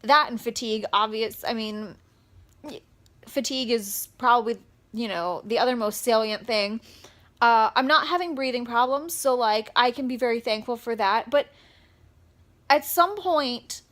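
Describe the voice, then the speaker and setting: A young woman talking straight to camera in a personal vlog, upset and close to tears, speaking haltingly with many pauses and fillers. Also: a little high, fairly bright tone. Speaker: vlogger.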